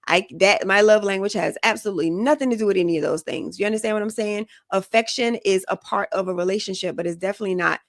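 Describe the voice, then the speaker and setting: A woman's voice: mid-range voice, fast talker, few pauses, dry recording, studio quality. A woman hosting a podcast, giving relationship advice in a frank, casual way and often checking that listeners follow her. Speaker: podcast host.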